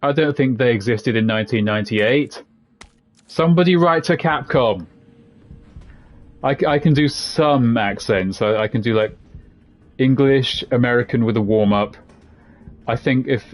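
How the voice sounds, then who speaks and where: A man's voice: medium pitch, normal speed. A man giving casual, jokey commentary while playing a video game, rambling between asides. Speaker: game streamer. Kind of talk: casual let's-play commentary.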